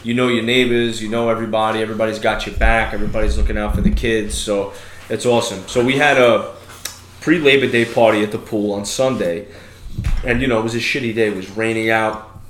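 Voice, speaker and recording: A man's voice: lowish voice, fairly even intonation, fairly quick, roomy sound, slight background noise. A man in his thirties from New York, hosting a podcast and telling stories in a loose, casual way, swearing freely. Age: 30s. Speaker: podcast host. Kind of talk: casual chat.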